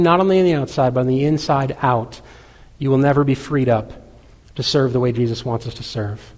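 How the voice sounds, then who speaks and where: A man's voice: medium pitch, a little fast, a little mellow, in a large hall. A man in his thirties preaching a sermon in a conversational way, with lots of casual asides. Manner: conversational preaching with many filler 'like's. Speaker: pastor.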